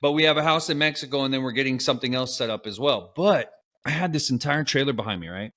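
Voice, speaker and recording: A man, co-hosting a podcast from his apartment and telling stories in an animated, casual way with offhand swearing. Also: medium pitch, quick pace. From Texas. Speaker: podcast co-host. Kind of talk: casual storytelling chat. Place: apartment at home. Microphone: laptop call setup.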